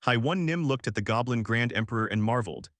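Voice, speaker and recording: A man's voice: mid-range voice, lively intonation, quick pace, fairly bright tone, dry recording. A man narrating a comic story recap in a scripted, storytelling way.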